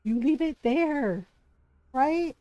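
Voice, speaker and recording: A woman with a high, bright-pitched voice chats through a game stream, animated and quick to laugh as she tells her stories. The sound is close and dry, with hardly any room around it. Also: no echo, rough recording. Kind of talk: casual gameplay commentary and storytelling.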